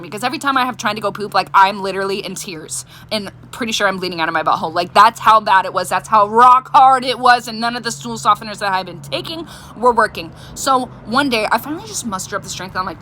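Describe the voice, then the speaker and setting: High bright young woman telling a story. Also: a little fast, a little hiss or hum. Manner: frank, animated, exaggerated retelling. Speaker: vlogger. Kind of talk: casual storytelling.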